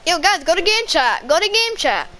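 A woman gamer on a stream with a very high, light voice, talking in quick excited bursts. She protests and jokes in an easy, casual way. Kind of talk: casual gaming chat.

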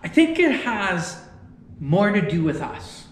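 In an echoey room with slight background noise, a male pastor gives an online sermon full of storytelling. His high voice swings widely in pitch at a slow pace, and his manner is folksy and conversational, with frequent repeated words.

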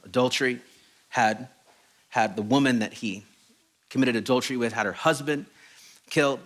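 A middle-aged man preaching a sermon as a pastor, telling stories in an animated, self-deprecating way. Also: mid-range voice, moderate pace. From Mexican heritage. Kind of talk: storytelling sermon. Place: church auditorium.

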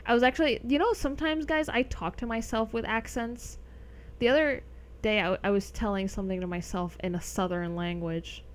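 A woman's voice: a little high, steady tone, fairly quick. A young adult woman streaming a game, chatting casually with viewers, rambling and laughing often. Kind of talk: casual live-stream chat over gameplay.

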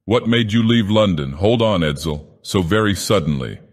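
A man's voice: deep voice, lively intonation, normal speed. A man doing a pushy, fawning young reporter. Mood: eager. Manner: ingratiating, pushy. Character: eager, smooth-talking young male reporter.

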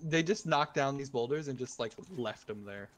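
A man's voice: medium pitch, animated, normal speed. A man chatting casually with friends while gaming, easygoing and explaining how things work. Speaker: gamer on a group stream.

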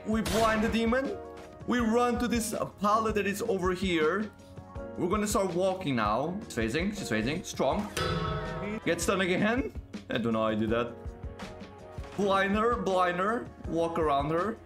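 A man giving excited live gameplay commentary, exclaiming often and repeating words in quick bursts. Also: high voice, over music. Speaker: gaming video creator.

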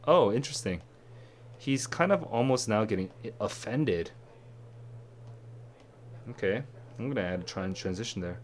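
A man's voice: a little fast, slight background noise. Tired man thinking aloud. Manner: tired, musing, low-energy. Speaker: test prep tutor. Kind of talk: thinking aloud while reading.

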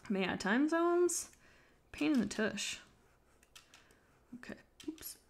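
While drawing on a live stream, a woman talks casually in a high-pitched, expressive voice at a slow pace, with slight background noise. She wanders from topic to topic, teases herself, and occasionally goes quiet as her focus takes over.

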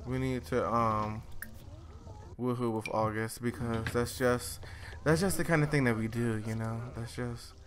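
A young man hosting a let's play, giving casual and excitable commentary as he bosses his game characters around with mild swearing. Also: medium pitch, a little slow, noisy background. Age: young adult.

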